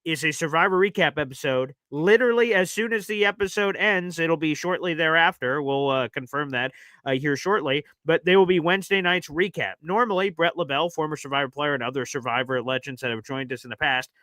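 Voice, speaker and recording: A man co-hosts a live sports talk stream with a bright, forceful voice pitched a bit high. He talks in an energetic, promotional way. The sound is dry and close. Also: a little fast, no echo. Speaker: sports show co-host.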